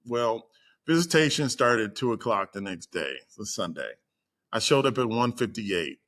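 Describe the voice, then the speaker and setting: Animated man telling a story. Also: on the low side, normal speed. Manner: animated, acts out quoted voices. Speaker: guest storyteller. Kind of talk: casual storytelling.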